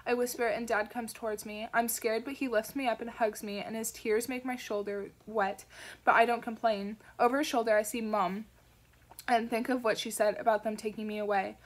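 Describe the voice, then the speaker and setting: A woman narrates a first-person audiobook with a soft, measured delivery. Her voice sits a little higher than most women's. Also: steady tone. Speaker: audiobook reader.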